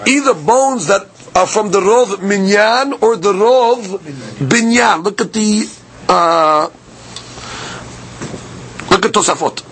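High-voiced man teaching Talmud. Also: slow pace, pauses often, a bit bright. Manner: explains Aramaic text line by line in English, asks "okay? right?". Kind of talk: daily Talmud class.

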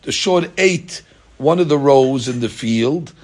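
A man's voice: medium pitch, slow, a little mellow. A man teaching a daily Talmud class, reading out Aramaic text and explaining it in casual English with rhetorical questions and many fillers.

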